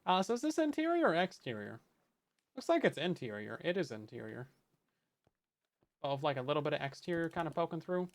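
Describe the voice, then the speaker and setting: A man's voice: a little high, big pitch swings, fairly quick, pauses often. A man casually narrating his Minecraft building session, chatting and joking at his own expense as he plays. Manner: chatty, self-mocking, talks to chat while building. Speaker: Minecraft let's play host. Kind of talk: casual gameplay commentary.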